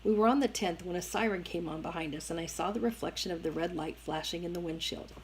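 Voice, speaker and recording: A woman reading a novel aloud with a low-pitched voice and a steady, even delivery. She tells the story in first person, measured and plain. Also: a little hiss or hum, low-quality recording. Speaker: reader.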